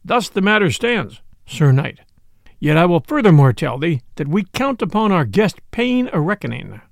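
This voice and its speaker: A man's voice: high-pitched, very animated, normal speed, creaky, no echo, clean studio sound, full character voice. Robin Hood, a jolly outlaw, as a man reads him. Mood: merry. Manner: archaic, courtly old-fashioned speech. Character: jolly bold male outlaw leader, merry and shrewd.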